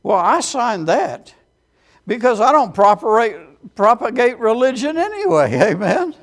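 A man's voice: extremely high pitch, big pitch swings, a little slow. A man preaching a sermon as a storytelling testimony, with frequent amens and quoted voices acted out.

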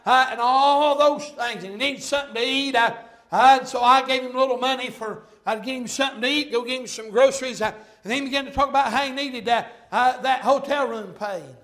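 A middle-aged man preaching in a strikingly high voice. He tells stories in a folksy, meandering way, then builds to fervent, shouted points. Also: fairly quick. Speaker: pastor. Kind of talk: sermon.

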